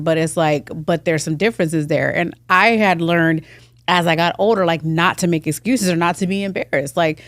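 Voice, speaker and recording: A woman's voice: on the low side, moderate pace, dry recording. A woman co-hosting a casual podcast chat, thinking aloud and peppering her speech with "like". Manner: reflective and chatty, leans on frequent "like" fillers. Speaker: podcast co-host.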